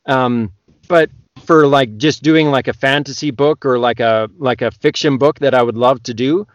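Loud, excitable Canadian man. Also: mid-range voice, normal speed, no echo, highs cut off. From Western Canada. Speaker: audiobook narrator guest. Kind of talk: casual podcast chat.

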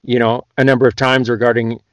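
A man from Canada talks as a guest on a podcast, telling stories in a quick, chatty way. His voice sits at a middle pitch and sounds close and dry, with no room around it. He comes across as an audiobook narrator talking about his work. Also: little pitch movement, dry recording. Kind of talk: casual podcast chat.

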